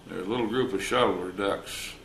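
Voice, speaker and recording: An older retired wildlife officer telling folksy stories in an interview, acting out the voices of the people in them. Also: male voice, fairly low pitch, a little fast, gravelly, fairly bright tone. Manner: folksy, anecdotal, acts out quoted dialogue. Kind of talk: storytelling interview. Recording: roomy recording with faint noise.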